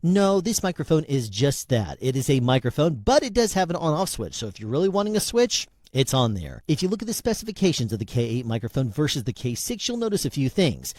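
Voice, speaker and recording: A male product reviewer casually demonstrates a handheld dynamic microphone at home in a small room, speaking close into it and trying different mics. His medium-pitched, slightly mellow voice is very animated and a little fast, with hardly any pauses and no room sound.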